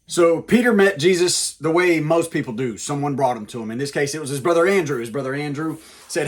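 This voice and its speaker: A man's voice: on the high side, a little fast. A man hosting a comedic Bible lesson, telling the story in a jokey, casual, wisecracking way. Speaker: comedic preacher, host.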